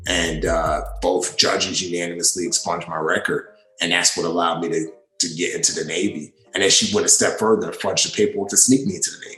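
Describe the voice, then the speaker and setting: A man from western Africa who grew up in New York, telling his story as a podcast guest in an animated way with many restarts. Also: low-pitched, fairly quick, echoey room, soft background music. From western Africa, raised in New York City. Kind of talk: storytelling in a casual interview.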